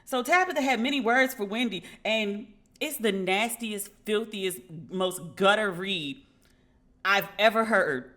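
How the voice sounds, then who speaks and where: A woman hosting a podcast in a casual, animated way, acting out dialogue and talking frankly with profanity. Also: medium pitch, a little slow. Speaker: podcast host. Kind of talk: casual commentary.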